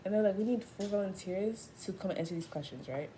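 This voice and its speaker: A medium-pitched woman talks fairly quickly over a faint hiss or hum. She's an eighteen-year-old vlogger chatting casually to camera, telling animated, profane stories full of slang and slangy asides.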